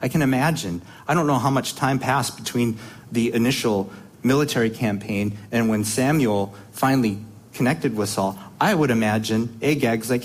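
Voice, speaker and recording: Male preacher, mid-pitched voice, emphatic sermon delivery, rhetorical questions, repeats himself on restarts. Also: normal speed.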